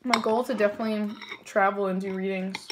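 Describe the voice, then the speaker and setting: A young woman chatting casually on a livestream, giggling and reacting excitedly to viewer comments. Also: medium pitch, fast, background noise. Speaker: livestream tarot reader.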